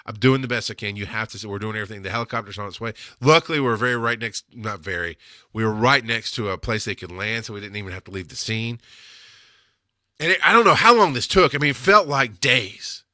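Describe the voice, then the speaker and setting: A man's voice: fairly low pitch, lively intonation, fast, sharp tone, dry recording, studio quality. A man telling casual stories from his time as an emergency medic, blunt and emotional, swearing when he gets angry. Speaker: EMS instructor telling field stories. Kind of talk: casual storytelling.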